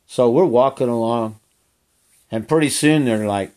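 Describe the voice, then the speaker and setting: A man's voice: mid-range voice, normal speed, dark tone. An older man who works as a horseback trail guide, telling a story in a folksy, rambling way and repeating phrases. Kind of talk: casual storytelling.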